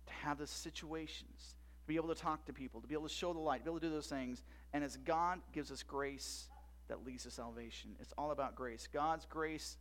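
A man preaching a sermon as pastor, animated with loud rising emphasis, soft asides and frequent tag questions to the congregation. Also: fairly high pitch.

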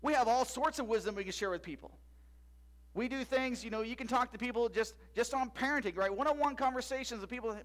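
A man preaching a sermon as pastor, animated with loud rising emphasis, soft asides and frequent tag questions to the congregation. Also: very high voice, fast.

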